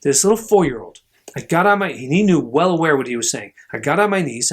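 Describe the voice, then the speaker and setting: A middle-aged man with a somewhat high voice gives a motivational talk. He tells his stories with emphasis and acts out the voices. His pitch swings widely. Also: expressive, fast, slightly rough. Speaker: podcast host, chiropractor.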